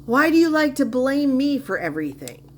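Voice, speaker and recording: A woman's voice: sits high, big pitch swings, moderate pace. A woman giving sarcastic, mocking reaction commentary on a livestream clip.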